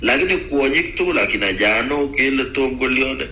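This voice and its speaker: A man's voice: mid-range voice, expressive, brisk, pushed and bright, poor audio. A man talking casually, explaining things step by step and switching between languages mid-sentence. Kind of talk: casual advice talk.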